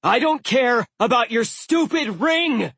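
A man voicing a loud, fierce male dwarf with a Boston accent, shouting at the top of his lungs. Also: extremely high pitch, lively intonation, slow pace, vocal fry, breathy edge, dry recording, pitched above the performer's own voice, heavily acted. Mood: bellowing. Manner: bellowing, shouting.

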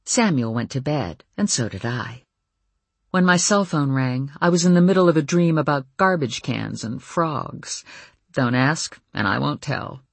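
A woman narrating a first-person audiobook with a wry, lively storytelling manner. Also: extremely low pitch, unhurried, gravelly, dry recording.

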